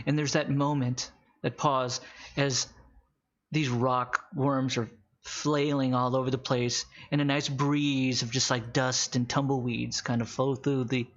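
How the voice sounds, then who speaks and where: A man running a tabletop game as game master, narrating with wry, halting asides. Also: mid-range voice, muffled recording.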